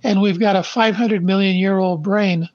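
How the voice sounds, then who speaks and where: An older man from Canada, a podcast guest who speaks slowly and deliberately, stressing his points and then reading his life story aloud. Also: sits high, steady tone, muffled recording. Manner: slow, deliberate and emphatic.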